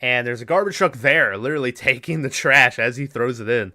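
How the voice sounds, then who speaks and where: A man's voice: mid-range voice, fairly quick, bright, forceful tone. A man hosting a podcast, recapping a film in a rambling, casual way, swearing and acting out lines. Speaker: podcast host.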